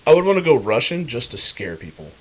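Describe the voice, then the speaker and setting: A man co-hosting a podcast rambles loosely through a casual chat and swears freely. His pitch sits mid-range for a man. A faint hiss runs under the recording. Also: very animated, quick pace. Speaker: podcast co-host.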